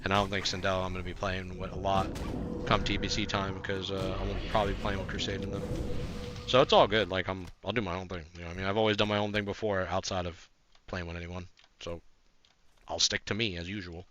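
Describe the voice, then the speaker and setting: A man streaming a video game, chatting casually to his viewers, rambling with fillers and swearing, breaking into frantic yells in fights. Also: sits low, flat delivery, quick pace, a little hiss or hum. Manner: laid-back, swearing, rambling with many fillers; bursts into frantic yelling during fights. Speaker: gaming streamer. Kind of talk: casual live-stream chat while gaming.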